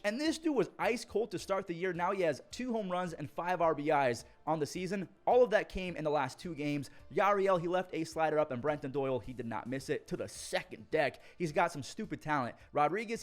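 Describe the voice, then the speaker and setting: Young man, baseball recap host, excitable, casual, jokey, slightly high voice, close mic. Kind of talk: fast-paced highlight commentary.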